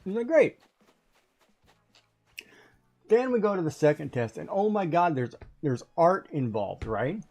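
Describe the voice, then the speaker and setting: A man chatting casually on a stream, retelling a story in a rambling, animated way. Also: fairly high pitch, moderate pace.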